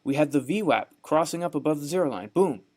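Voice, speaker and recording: A man's voice: on the high side, expressive, fast, darkish tone. A young man with a Southern US accent, teaching a trading course over a screen share, folksy and repetitive, often checking in with "right?". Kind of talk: screen-share tutorial narration.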